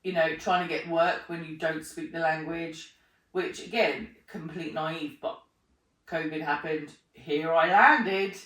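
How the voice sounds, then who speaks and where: A woman chatting in an interview, animated, acting out her own remarks and laughing often. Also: sits low, measured pace. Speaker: podcast host being interviewed. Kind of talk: casual conversational interview. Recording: roomy sound, mic at a distance.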